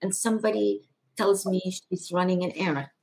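A middle-aged woman from Egypt telling a personal spiritual testimony as a guest, in a slow, halting and emotional way. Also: on the low side, steady tone, creaky, darkish tone, husky, rough recording.

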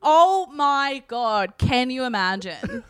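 A woman's voice: sits high, sing-song, slow pace, a bit bright, clear, resonant tone, no room sound. Young woman chatting and laughing. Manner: laughing, profane, reads aloud. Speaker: podcast co-host. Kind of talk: casual chat.

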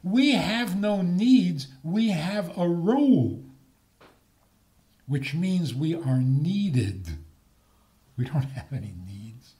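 A man delivers a humorous religious lecture at an unhurried pace, his voice mellow and somewhat high for a man. He swings widely in pitch and peppers his points with rhetorical questions and small laughs. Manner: animated, rhetorical questions, chuckles at own points.

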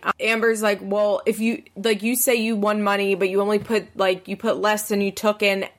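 A woman with a slightly bright voice recaps a reality show in casual chat, swearing and acting out the people she quotes with big jumps in pitch.

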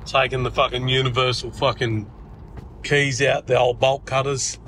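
Rambling, swearing Australian caller. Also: male voice, medium pitch, flat delivery, moderate pace, a bit bright, slight background noise. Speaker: caller sending a voice message. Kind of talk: storytelling voice message.

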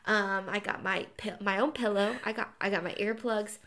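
Young woman, podcast co-host, casual storytelling, acts out quotes, vocal fry. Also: medium pitch, normal speed. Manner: animated storyteller acting out quotes. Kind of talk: casual chat, birth story.

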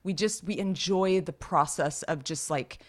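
A woman co-hosting a podcast, chatting in a relaxed way with casual slang and frequent laughter. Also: fairly low pitch, a little slow. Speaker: podcast co-host. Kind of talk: casual chat.

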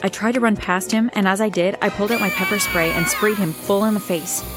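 A woman's voice: mid-range voice, fairly even intonation, brisk, over loud music. A woman reading a first-person story aloud in an earnest, plain way. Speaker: narrator.

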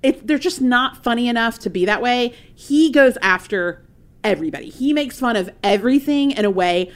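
A woman co-hosting a pop-culture podcast, talking in an emphatic, animated, mock-indignant way. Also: fairly high pitch, normal speed. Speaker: podcast co-host. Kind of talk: casual pop-culture chat.

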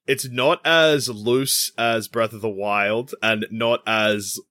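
A man's voice: fairly low pitch, fairly even intonation, takes it slowly, bright, forceful tone, no echo, studio quality. A man co-hosting a casual gaming podcast, rambling and jokey as he describes a game. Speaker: podcast co-host. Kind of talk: casual chat.

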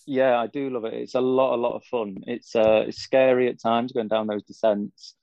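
A young Englishman chats in a gravelly, flat, low voice, rambling easily with lots of fillers. The sound is dull and lo-fi, and the room is dry with little echo. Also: moderate pace. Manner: easygoing, rambling, frequent fillers. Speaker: cycling pundit guest. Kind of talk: casual interview chat.

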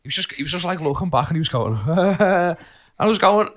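A man's voice: a little high, expressive, brisk. A young man telling a rambling childhood story on a podcast, laughing often and using lots of fillers. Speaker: podcast co-host. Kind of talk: casual storytelling chat.

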